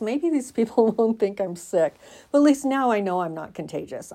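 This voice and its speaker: Tired woman from Oregon, chatty vlog storyteller, keeps cracking up, mellow dark tone. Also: mid-range voice. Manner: laughing often, rambling and self-mocking. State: tired and stressed. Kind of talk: casual storytelling to viewers.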